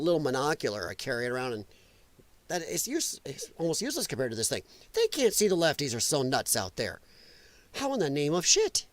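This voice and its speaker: A man's voice: fairly high pitch, no room sound. A man hosting a live political commentary show, ranting in an exasperated, mocking and profane way. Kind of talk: live solo political rant.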